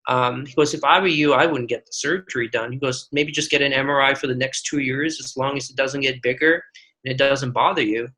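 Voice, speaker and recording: An earnest man in his forties talks through his own stories as a podcast guest. His voice is bright and forward, and he often restarts his sentences as he works toward his point. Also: medium pitch, brisk, low-quality recording. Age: 40s. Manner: earnest, storytelling with many restarts. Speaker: guest physician. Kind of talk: podcast interview.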